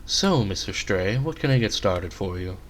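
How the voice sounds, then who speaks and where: A man voicing an eerie, calm male bartender with a silky voice, polite and quietly mocking. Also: on the low side, normal speed, a little hiss or hum, close to an everyday voice.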